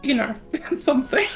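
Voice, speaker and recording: A woman with a mixed Yorkshire and South African accent, co-casting a live game tournament, giggling and rambling as she loses her words. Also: extremely high pitch. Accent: mix of Yorkshire and South African. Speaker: tournament co-caster.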